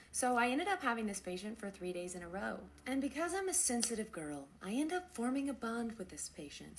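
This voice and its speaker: A young woman, a nurse, telling a story casually and acting out the dialogue with lively swings in her voice. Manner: animated, acts out quoted dialogue with big pitch jumps.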